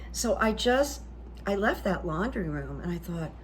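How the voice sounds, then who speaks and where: A woman hosting her own channel, telling stories in a chatty, confiding way that trails off softly at the ends of phrases. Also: lowish voice, expressive, a little slow. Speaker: channel host. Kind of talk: casual storytelling monologue. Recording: faint background noise.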